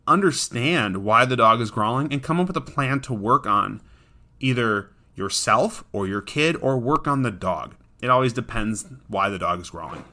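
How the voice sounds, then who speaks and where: Earnest and conversational, a man hosts a casual podcast monologue about dog training, frequently restarting his sentences. His mid-range voice sounds pushed and bright.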